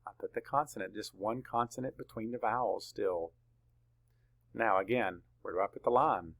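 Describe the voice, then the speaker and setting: A male teacher leading a spelling lesson for young children, spelling words out letter by letter and answering his own questions. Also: fairly low pitch. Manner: slow, deliberate, letter-by-letter dictation; asks questions and answers them himself.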